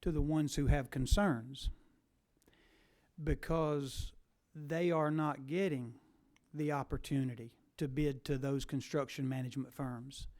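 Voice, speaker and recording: A man's voice: medium pitch, steady tone, measured pace, a little mellow. A man questioning witnesses at a legislative committee hearing, pressing his point and repeating words for stress.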